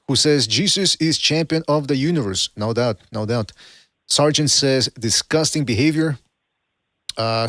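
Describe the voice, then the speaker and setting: Man, podcast host, non-native English, casual chat, animated, mocking, dry close sound. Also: mid-range voice, no room sound. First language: not English. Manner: animated, mocking, lots of restarts and laughs. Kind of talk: casual call-in show chat.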